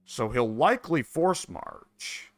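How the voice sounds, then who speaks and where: A man's voice: mid-range voice, expressive, slow pace, dry recording. A man casually commenting on his own strategy game, musing and wry, talking half to himself. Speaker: gameplay commentator.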